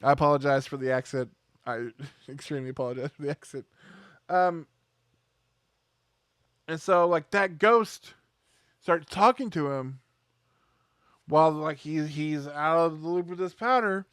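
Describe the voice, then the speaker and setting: High-voiced man riffing sarcastically. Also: measured pace, long pauses, a bit bright, clear, resonant tone, no room sound, clean studio sound. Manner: rambling, sarcastic, acts out scenes in voices. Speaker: movie review show host. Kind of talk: casual chat.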